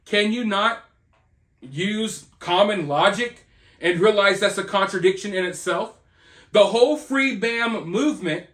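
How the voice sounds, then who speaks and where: High-voiced sarcastic man ranting on a vlog. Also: a bit bright. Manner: sarcastic, mocking. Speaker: commentary video host. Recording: roomy echo.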